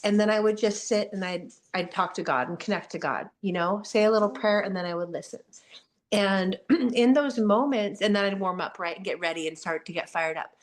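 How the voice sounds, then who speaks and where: A woman's voice: mid-range voice, fairly quick. A woman in her forties, a guest athlete, answering questions in an earnest, candid motivational talk. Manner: earnest, warm-hearted, frequent "you know" and "like".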